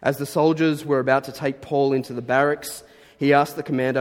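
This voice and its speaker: A man preaches to his congregation in an earnest, conversational way that swells into emphatic bursts. His voice sits at a middling pitch. It rings with long reverb, as if carried through a large hall. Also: little pitch movement, fairly quick. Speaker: pastor. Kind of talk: sermon.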